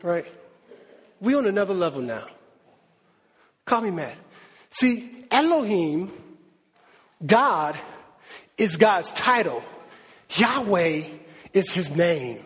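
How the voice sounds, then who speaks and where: Male preacher, high voice, husky, conversational sermon, long hall echo. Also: slow pace, pauses often. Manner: animated, conversational, acts out God's voice. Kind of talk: sermon teaching.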